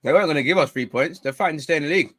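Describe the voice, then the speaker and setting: A man hosting a live football watchalong, reacting excitedly, shouting at players and the referee and swearing now and then. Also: fairly high pitch, very fast, no echo, studio quality. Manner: talks while eating. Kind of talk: live match reaction commentary.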